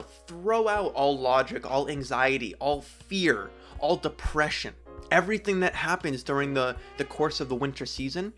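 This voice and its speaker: A young man with a fairly high voice hosts a solo podcast, riffing and rambling about films. He slips into silly voices to act out lines. Faint music hums underneath. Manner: animated, rambling, acts out quotes in silly voices. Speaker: podcast host. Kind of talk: casual solo podcast talk about movies.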